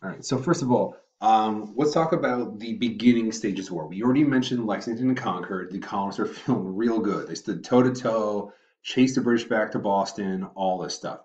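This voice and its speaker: Casual male teacher talking through a review lesson, slightly low voice, muffled audio from a distant mic in an echoey room. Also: moderate pace, a little mellow. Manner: chatty, self-correcting, uses asides and filler. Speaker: history teacher. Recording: muffled roomy audio from afar.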